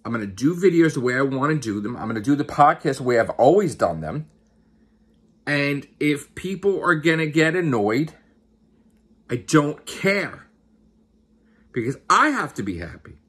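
A man's voice: medium pitch, big pitch swings, normal speed, long pauses, a bit bright, husky. A man who hosts a YouTube channel and podcast, giving an exasperated, profane rant and repeating his questions. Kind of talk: angry ranting vlog.

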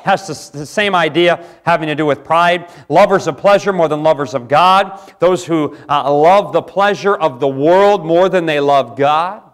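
A pastor preaching a sermon in a church, jumping from loud outbursts to quiet asides. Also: male voice, on the high side, moderate pace, few pauses. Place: church sanctuary.

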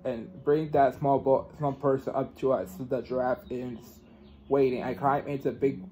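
A man's voice: mid-range voice, fairly even intonation, mellow, slight background noise, low-quality recording. A man reading a children's book aloud, stumbling and restarting words as he goes. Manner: halting, with frequent restarts and self-corrections. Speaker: reader.

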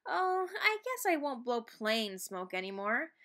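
A woman's voice: fairly high pitch, sing-song, measured pace, fairly bright tone. A woman voicing a lonely young male dragon who shows off, in a storybook reading. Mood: eager.

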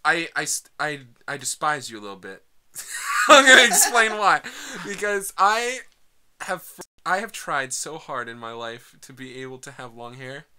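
Young man, podcast host, very bright voice, lively swings, loud swearing banter. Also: mid-range voice, normal speed. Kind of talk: casual chat.

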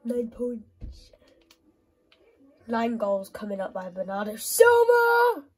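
A woman giving excitable commentary while playing a football video game, often shouting and squealing at the match. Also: medium pitch, slow pace, slightly rough, rough recording. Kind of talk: gaming commentary.

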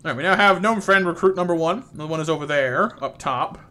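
A man's voice: on the high side, fast, pushed and bright. A young man doing playful live gameplay commentary, chatting with viewers by name and coaxing game characters along. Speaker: streamer.

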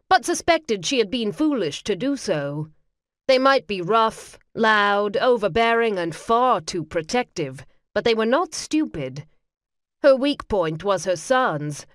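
Woman, audiobook narrator, measured storytelling, middle pitch, close studio mic, dry sound. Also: dry recording. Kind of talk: scripted narration.

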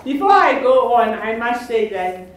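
A woman's voice: a little high, very animated, unhurried. An older woman with a South African accent speaking on a university panel, chatty and joking, often laughing and restarting her sentences. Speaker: panel speaker, sister of the honoree. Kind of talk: informal public talk at a lecture panel. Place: university lecture hall. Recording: echoey hall with faint noise.

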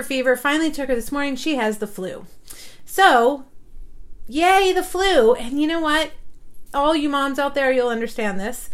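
A middle-aged woman hosting a crafting live stream on her phone, chatting casually, laughing and sounding a bit frazzled. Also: a little high. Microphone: phone camera.

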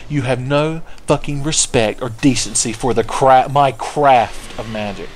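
A man's voice: medium pitch, normal speed, hardly any pauses, slight background noise. A man giving casual, profane, sarcastic commentary while playing a video game. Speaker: gameplay commentator. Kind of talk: casual let's-play commentary.

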